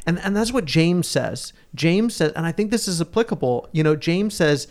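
A man's voice: a little high, animated, normal speed. Earnest man teaching scripture. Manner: earnest, explains with scripture and everyday examples. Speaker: Bible study co-host. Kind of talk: conversational Bible teaching.

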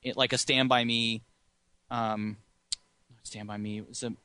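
A man's voice: mid-range voice, little pitch movement, a little slow, bright, forceful tone, clean tone, dry recording. A man co-hosting a podcast, rambling through casual movie chat and chuckling often. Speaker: podcast co-host.

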